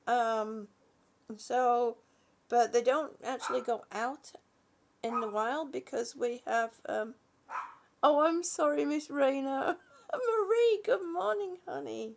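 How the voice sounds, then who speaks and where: Woman, high voice, some vocal fry, casual live chat host, greets viewers, yawning, rambling. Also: takes it slowly, a little hiss or hum. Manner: chatty, warm greetings, yawning, laughing, losing her train of thought. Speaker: livestream host. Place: home.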